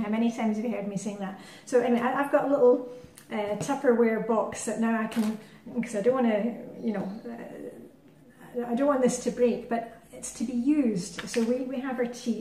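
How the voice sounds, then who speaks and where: Chatty woman vlogger, slightly high voice. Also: far from the mic. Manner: chatty and warm-hearted, with frequent fillers. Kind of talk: casual chat and poem reading. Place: living in Denmark. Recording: roomy echo.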